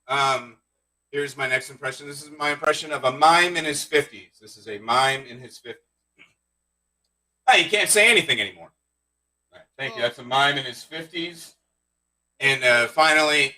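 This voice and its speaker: Male stand-up comic, deadpan one-liners, bright tense tone, heard from off the mic. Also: mid-range voice, distant mic, rough recording. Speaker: stand-up comedian. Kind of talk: stand-up set streamed live.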